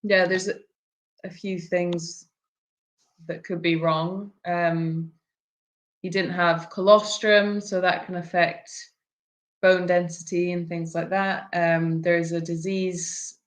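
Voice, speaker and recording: A woman with a fairly low voice co-hosts a sanctuary livestream. She explains animal care plainly and practically. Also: flat delivery, slow. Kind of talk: casual livestream chat.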